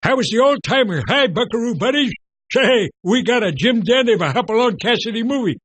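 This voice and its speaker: A man voicing a cheerful, folksy cowboy sidekick who calls out in a loud, hearty drawl. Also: extremely high pitch, animated, fairly quick, breathy edge, no room sound, voice pushed up, exaggerated voice. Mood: cheery.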